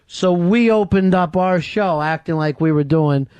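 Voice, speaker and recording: A man with a high voice hosts a talk radio show, spinning a long story full of swearing and laughing along as he goes. The sound is close and dry, with almost no room, from a studio microphone. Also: unhurried, a little mellow, clean tone, no room sound. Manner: profane, laughs through his own story.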